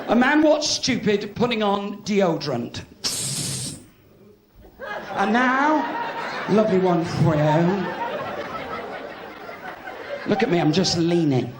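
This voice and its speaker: Cheeky West Country stand-up comic, high voice. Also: male voice. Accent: West Country English. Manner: cheeky, playful banter with the audience. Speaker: stand-up comedian. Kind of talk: live stand-up comedy. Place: cabaret club stage. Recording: echoey club with loud crowd and noise.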